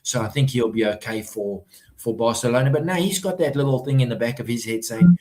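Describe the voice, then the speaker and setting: A man's voice: mid-range voice, fairly quick, slight background noise, rough recording. Easygoing man co-hosting a chat. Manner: relaxed, hedges with "I think". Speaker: podcast co-host. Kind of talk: casual live-stream chat.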